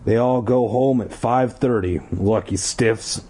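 A man doing a calm, drawling park guard. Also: mid-range voice, husky. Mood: dismissive. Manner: calm, slow, dismissive drawl. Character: lanky, unhelpful, gum-chewing male park guard.

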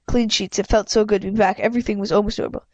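A woman reads a children's novel aloud in first person, stumbling now and then and backing up to fix her words. Her voice sits at a middle pitch, recorded dry and close with a slightly dull, muffled sound. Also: steady tone, darkish tone, dry recording. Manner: halting, frequent self-corrections. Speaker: reader.

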